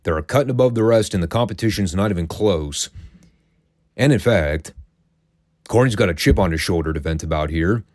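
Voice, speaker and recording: A man's voice: low-pitched, a little mellow, no echo, clean studio sound. A man hosting a casual solo recap show, telling the story in a chatty, wry, opinionated way. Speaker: wrestling recap host.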